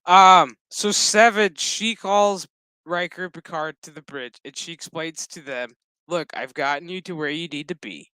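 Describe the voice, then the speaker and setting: A man with a bright, forceful, slightly high voice recaps a TV episode in loose, profane chat. His tone is smooth and clear, and he slips into the characters' lines as he tells it. The sound is close and dry. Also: moderate pace, no room sound, poor audio. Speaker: show recap host.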